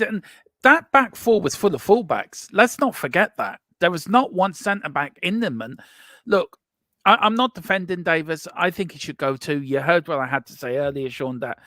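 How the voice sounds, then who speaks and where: Opinionated male co-host, animated questions. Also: fairly high pitch, moderate pace, dry recording, studio quality. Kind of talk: live fan stream chat.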